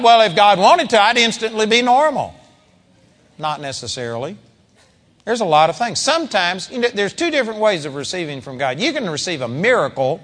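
A man preaching a sermon in an animated, conversational way, with sudden loud peaks. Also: sits high, big-room sound.

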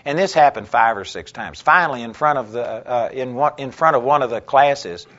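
A man's voice: mid-range voice, moderate pace, highs cut off. Storytelling man teaching a Bible class. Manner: conversational storytelling, gets loud and animated when quoting himself. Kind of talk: sermon-style teaching with personal stories.

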